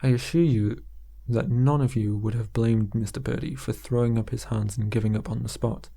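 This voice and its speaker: A man's voice: medium pitch, fairly even intonation, moderate pace, gravelly, mellow. A man voicing a desperate young male insurance salesman who is breaking down, frantic and pleading. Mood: formal.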